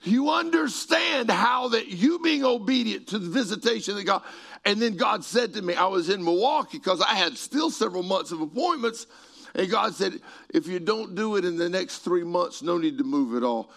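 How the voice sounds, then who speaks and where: A middle-aged man preaching a sermon and telling stories, moving between quiet passages and shouted peaks. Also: sits high, animated, normal speed, vocal fry. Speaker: pastor. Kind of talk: sermon storytelling.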